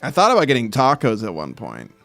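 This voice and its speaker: A man streaming while he draws, reading viewer comments aloud and breaking into loud mock outrage with swearing. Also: mid-range voice, wildly swooping pitch, brisk, vocal fry, soft background music. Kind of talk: casual live-stream chat while drawing.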